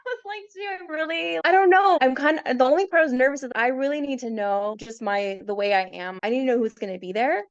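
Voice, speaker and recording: A woman guest on a podcast, telling her birth story in a casual, animated way, laughing often and acting out what others said. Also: sits high, fast, dry recording, highs cut off.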